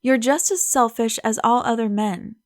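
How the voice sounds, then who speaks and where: A woman voicing a spirited young woman with an indignant, quick manner, in an audiobook. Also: a little high, dry recording, studio quality, lightly acted.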